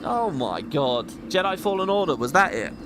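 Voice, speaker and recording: A man's voice: on the high side, big pitch swings, moderate pace, noisy background. A man hosting a gaming video, giving rambling, opinionated playthrough commentary. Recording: game music behind voice.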